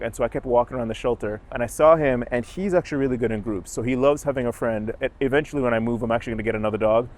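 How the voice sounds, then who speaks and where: A man's voice: mid-range voice, fast, darkish tone. A young man from Jamaica, a dog owner, chatting casually outdoors on a city street and telling his story in a rambling, self-correcting way. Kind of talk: casual chat.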